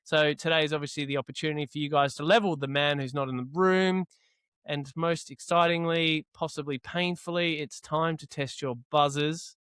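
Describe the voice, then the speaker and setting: Male quiz host, brisk and jokey, slightly high register. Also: steady tone, a bit bright, clean tone, no echo. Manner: brisk, laughing, crude banter. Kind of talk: casual podcast chat.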